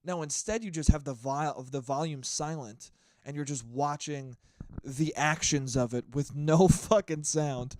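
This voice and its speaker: A man's voice: on the high side, a little slow, a little mellow, dry recording. A young man hosting a casual solo podcast from his apartment, rambling, swearing often and laughing at himself. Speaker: podcast host.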